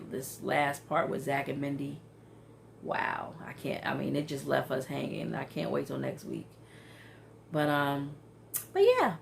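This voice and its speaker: A woman vlogger recapping a reality TV episode in a casual, animated way, often exclaiming in disbelief and saying um a lot. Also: deep voice, vocal fry, slight background noise.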